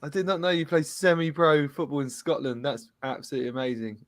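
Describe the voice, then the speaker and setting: A man's voice: fairly high pitch, fairly even intonation, quick pace. A man hosting a casual live-streamed football show, chatty, reading out viewers' comments and laughing often. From England. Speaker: host.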